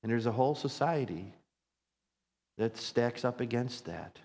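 A man's voice: medium pitch, animated, a little slow, gravelly, darkish tone, big-room sound. A man preaching a sermon as pastor, earnest and repeating phrases for emphasis as his intensity builds.

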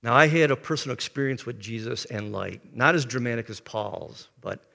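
Gravelly older male pastor preaching. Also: mid-range voice, animated, normal speed, bright, forceful tone, long reverb tail. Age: 70s. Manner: earnest storytelling, frequent throat clearing. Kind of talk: sermon.

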